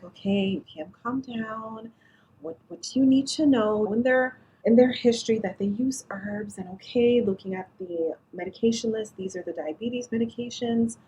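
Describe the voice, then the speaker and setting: A woman tells a story as an interview guest and acts out every line of dialogue. Her voice climbs high and falls back again. A faint hiss of noise sits behind her. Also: rough recording. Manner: expressive, acts out dialogue, laughs often. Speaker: guest, diabetes educator. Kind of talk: animated storytelling.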